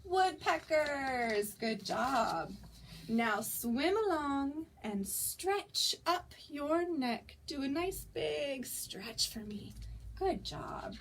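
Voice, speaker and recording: High, sing-song woman reading to toddlers. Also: very slow, a little hiss or hum. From United States. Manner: sing-song, animated, coaxing children to join in. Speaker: children's librarian. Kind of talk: toddler story time reading aloud.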